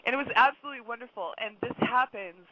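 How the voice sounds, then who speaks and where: A woman with a high, bright-sounding voice rattles through a story with animated, laughing energy. The sound is dull and lo-fi, with a faint hiss underneath. She talks like a regular guest on a call-in radio chat. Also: quick pace. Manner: chatty storyteller, laughs often.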